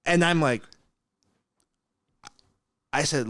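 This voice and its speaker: A man hosting a podcast, telling a story in a blunt, animated way, acting out quotes and laughing often. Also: a little high, moderate pace, pauses often, no echo, studio quality. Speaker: podcast host. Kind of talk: casual storytelling.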